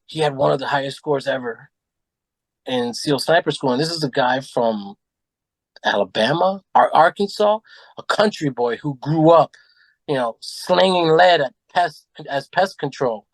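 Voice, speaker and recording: A man telling animated stories in a casual podcast chat, acting out what people said and swearing freely. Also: fairly high pitch, a little slow, no echo. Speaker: podcast guest. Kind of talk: casual storytelling.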